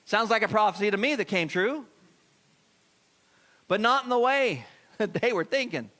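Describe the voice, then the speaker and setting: A man's voice: sits high, lively intonation, normal speed, bright, forceful tone. A middle-aged man preaching a sermon in a church, talking conversationally and putting questions to the congregation. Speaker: pastor. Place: church sanctuary.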